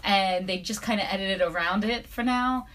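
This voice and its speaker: A woman's voice: mid-range voice, normal speed, fairly bright tone, a little hiss or hum. A woman co-hosting a casual chat, chiming in with dry, teasing asides.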